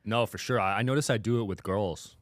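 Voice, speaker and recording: A man as a podcast guest in casual chat, matter-of-fact and quick to agree. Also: lowish voice, dry recording.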